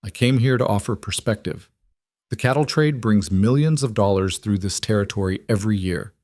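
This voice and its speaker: A man voices a calculating federal marshal with an Eastern American accent. He stays neutral and professional, almost conversational. His voice sits fairly low and the recording is dry. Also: normal speed, darkish tone, no echo, close to an everyday voice. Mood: cool. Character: cool federal marshal from the East, smooth and calculating.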